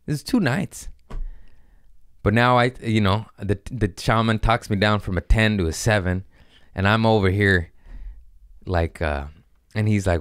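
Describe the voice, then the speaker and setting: A man on a podcast telling a profane, animated comic story and acting out the voices of the people in it. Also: fairly low pitch, normal speed, pauses often, no room sound, studio quality. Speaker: comedian guest on a podcast.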